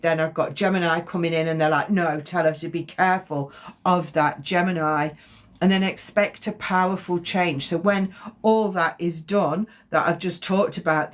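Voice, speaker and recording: Chatty woman giving a reading. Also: on the low side. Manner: chatty, rambling, self-correcting. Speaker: spiritual medium giving a card reading. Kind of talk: live-stream psychic reading.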